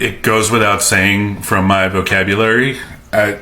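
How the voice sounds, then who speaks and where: This host has a lowish, sharp-toned voice with fairly even intonation at a moderate pace. He delivers a scripted explainer straight to camera for a short social media series, direct and earnest with a touch of sarcasm.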